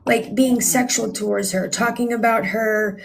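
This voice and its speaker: A woman's voice: on the high side, fairly even intonation, a little slow, creaky, a little hiss or hum. A woman speaking as a guest on a livestream, telling a story at length in an indignant, rambling way with many ums. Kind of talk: casual livestream talk.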